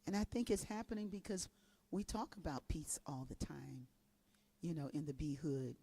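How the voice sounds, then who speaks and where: A woman's voice: sits low, moderate pace, warm tone, husky. A woman hosting a spiritual live stream, chatting affectionately with viewers in a casual way and laughing easily, talking into a home streaming mic. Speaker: host and gospel singer.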